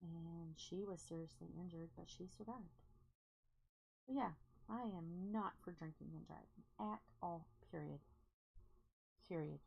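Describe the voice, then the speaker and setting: A woman's voice: fairly low pitch, vocal fry, warm tone, rough recording. A woman hosting a crafting livestream, telling candid, rambling stories to viewers in chat. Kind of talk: casual chat while crafting.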